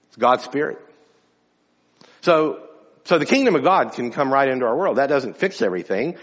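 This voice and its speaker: A fairly high-voiced male pastor preaches to his congregation, conversational but emphatic, often doubling back on his words. His voice rings out in a big church hall with a long reverb tail, and the recording sounds a little dull and muffled. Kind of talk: sermon. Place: church sanctuary.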